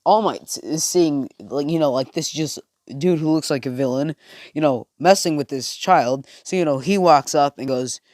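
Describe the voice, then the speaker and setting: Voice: mid-range voice, normal speed, darkish tone, no echo, clean studio sound. A young storyteller rambling through an improvised fan story in a casual way, full of fillers and restarts.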